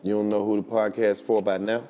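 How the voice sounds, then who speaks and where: A man's voice: on the low side, little pitch movement, fast talker, warm tone, dull audio, soft background music. A man co-hosting a comedy podcast, bantering and throwing leading questions to his partner. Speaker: podcast co-host. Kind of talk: casual comedic chat.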